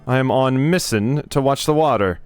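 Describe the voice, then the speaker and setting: A man's voice: mid-range voice, normal speed, darkish tone, smooth, faint music behind, close to an everyday voice. A man voicing a proud, zealous male gull in a video game, in a pompous, formal way with broken phrasing. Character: proud zealous talking gull, a male sea bird guard.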